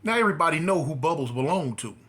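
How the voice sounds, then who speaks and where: A man from California, a former prisoner, telling his story in a casual way and acting out the dialogue. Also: fast. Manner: animated, acts out dialogue with rising pitch.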